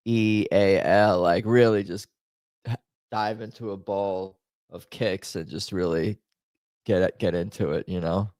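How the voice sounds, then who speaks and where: A man's voice: fairly low pitch, a little mellow, no room sound. A man hosting a casual live stream, chatting and rambling with many fillers and restarts. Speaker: stream host. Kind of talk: casual stream chat reacting to memes. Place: home.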